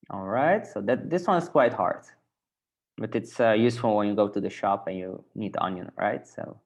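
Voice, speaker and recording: He runs a Dutch lesson online, speaking English the way a native Dutch speaker would and slowly repeating words so students can follow. His voice is lowish and a little mellow, and the recording has its highs cut off.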